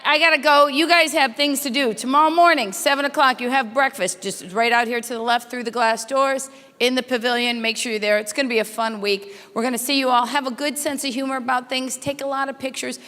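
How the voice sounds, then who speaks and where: A fairly high-pitched, slightly bright female voice rings through an echoey hall. She's the comic emcee for a corporate welcome evening at a hotel conference, brash and teasing, telling stories rapidly and bantering with the crowd.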